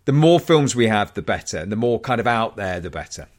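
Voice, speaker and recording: A man's voice: on the low side, fairly quick. A man, co-hosting a film podcast, joking and teasing in casual chat. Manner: animated, joking, laughing. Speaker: podcast co-host.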